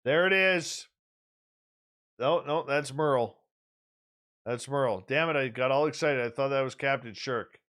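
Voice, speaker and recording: Speaking at medium pitch, unhurried and with long pauses, this radio host jokes around in casual chat. He's animated and playfully teases one of his regular listeners.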